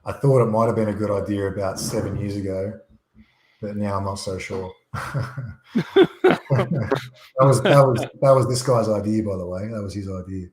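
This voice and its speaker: A man's voice: fairly low pitch, moderate pace, background noise. A man talking as a guest over a video call, blunt and opinionated, swearing freely. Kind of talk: casual chat. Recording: echoey room.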